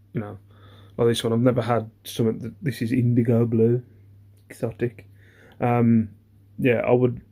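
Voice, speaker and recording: A man's voice: mid-range voice, dark tone. A man, chatting casually through an eBay reseller's haul video. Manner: chatty, rambling, self-deprecating, many ums.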